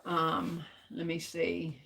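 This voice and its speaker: A woman's voice: deep voice, gravelly, fairly bright tone, slightly rough. Chatty woman on a craft livestream. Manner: chatty, drawn-out, talks to viewers. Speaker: craft vlogger. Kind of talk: casual livestream chat.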